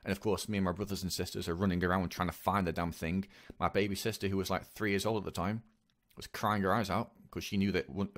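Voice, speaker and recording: A man telling a personal story in a confessional vlog, speaking haltingly and earnestly with many repeats. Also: deep voice, steady tone. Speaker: vlogger.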